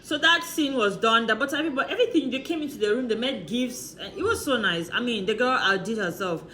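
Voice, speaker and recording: Lady vlogger spilling reality show tea, bright sharp voice, giggly and chatty. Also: fairly high pitch, quick pace, slight background noise. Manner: chatty, laughs often, rhetorical questions. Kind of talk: casual gossipy recap chat.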